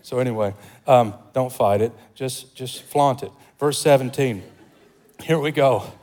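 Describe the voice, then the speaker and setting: A male pastor preaching a sermon in a conversational, humorous way, with jokes and asides. He swings between loud, emphatic lines and quiet, muttered remarks, and he sounds excited. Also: medium pitch, measured pace, poor audio.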